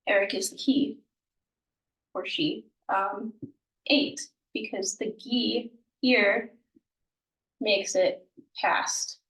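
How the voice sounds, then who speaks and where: A woman's voice: mid-range voice, steady tone, very slow, pauses often, a bit bright, echoey room, recorded from a distance, poor audio. A woman whose first language is English, teaching a language lesson in a patient, informal way with many ums and self-corrections.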